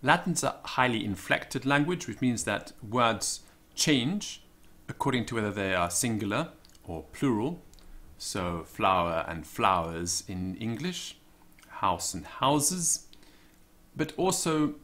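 A man giving an informal spoken lesson, thinking aloud with many ums and slowing down to stress each example. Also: mid-range voice, fairly bright tone. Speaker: Latin teacher.

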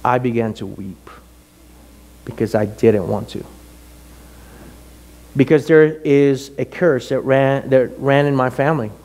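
A middle-aged man, a pastor, telling a personal story in a sermon with animated, emotional delivery. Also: mid-range voice, measured pace, pauses often.

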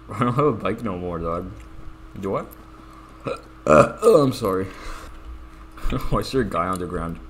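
A man's voice: low-pitched, expressive, measured pace, long pauses, fairly bright tone, slight background noise. Goofy teasing young man gaming. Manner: goofy, teasing, laughs a lot. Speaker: gamer playing with friends. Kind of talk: casual game chat. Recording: music playing behind. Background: background music.

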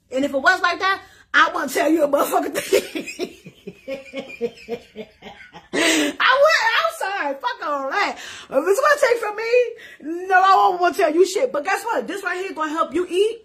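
A middle-aged woman, chatting to her viewers in a loud, animated, profane way and laughing often. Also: very high voice, moderate pace. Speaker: social media creator. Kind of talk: casual live-stream chat.

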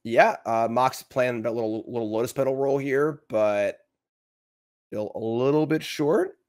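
A man casually commentating a card game match, chatty and quick to laugh, with lots of fillers and restarts. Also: mid-range voice, a little mellow.

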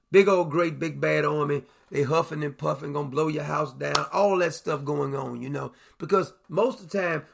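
A man with a high, gravelly voice preaching over the air in a loose, conversational sermon. His tone is husky and breathy, and he talks animatedly, repeating words and acting out the people in his stories. He sounds like he is in a broadcast studio.

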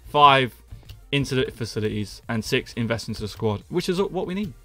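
A young man with a Doncaster Yorkshire accent chats and jokes through a live stream, laughing easily and muttering counts under his breath as he builds. His voice is bright and swings widely in pitch. Faint music and keyboard typing sit behind him. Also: expressive, moderate pace. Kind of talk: casual live-stream chat while gaming.

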